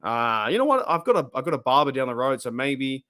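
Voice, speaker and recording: A man's voice: mid-range voice, very animated, a little fast, bright, forceful tone. A middle-aged Australian man hosting a casual live stream, chatting, rambling and laughing often as he reads viewer comments.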